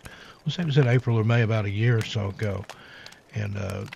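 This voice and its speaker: A man hosting, recalling an outdoor experience in a relaxed, rambling way. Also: lowish voice, fast, gravelly. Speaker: host. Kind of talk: casual spoken story. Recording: dull lo-fi audio with faint hiss.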